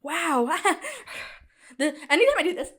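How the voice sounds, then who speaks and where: High-voiced, chatty young woman. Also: a little fast. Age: young adult. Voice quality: loud cackling laugh. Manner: chatty, animated, talks straight to listeners. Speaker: podcast host. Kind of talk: casual solo podcast chat.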